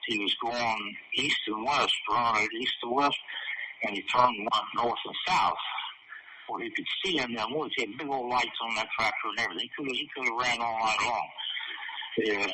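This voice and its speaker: A man's voice: medium pitch, moderate pace. A man being interviewed, telling a long story in a rambling, profane way and chuckling at parts of it. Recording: distant, noisy recording.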